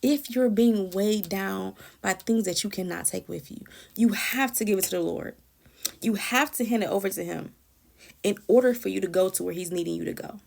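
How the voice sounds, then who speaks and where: Earnest woman with a gravelly edge. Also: medium pitch, moderate pace, darkish tone. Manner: emotional, earnest, repeats and restarts phrases. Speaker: Christian encourager sharing a prayer testimony. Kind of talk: personal testimony, conversational storytelling.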